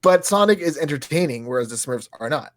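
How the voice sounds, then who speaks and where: A man in his thirties co-hosting a podcast, excitable and swearing freely, his pitch jumping up when he gets worked up. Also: a little fast, dry recording, studio quality. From Europe. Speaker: podcast co-host. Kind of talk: casual chat.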